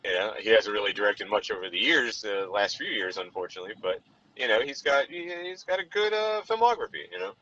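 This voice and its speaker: A man's voice: fairly low pitch, lively intonation, quick pace, bright, forceful tone. A man co-hosting a casual film chat from his car, rambling with lots of fillers. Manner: rambling, frequent "you know" fillers. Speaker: podcast co-host. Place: in a car while driving. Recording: dull lo-fi sound with faint background noise.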